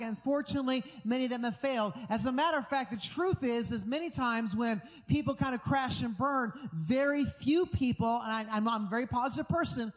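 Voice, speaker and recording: A man's voice: extremely high pitch, in a large hall. A middle-aged American pastor preaching an earnest, conversational sermon, often restarting his sentences.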